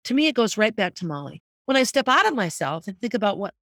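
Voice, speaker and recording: A middle-aged woman speaks candidly and earnestly into the mic in a reflective podcast monologue. Her voice sits at an ordinary pitch for a woman, and the recording is dry with no room sound. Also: very animated, fast talker, fairly bright tone, no room sound. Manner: candid and earnest, speaking openly about grief. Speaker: podcast host.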